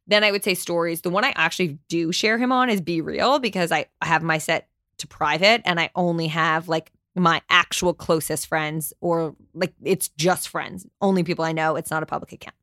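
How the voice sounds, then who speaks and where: A woman's voice: on the low side, moderate pace, a bit bright, no echo, studio quality. A young adult woman hosting a solo podcast, talking candidly and emphatically, swearing now and then. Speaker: podcast host.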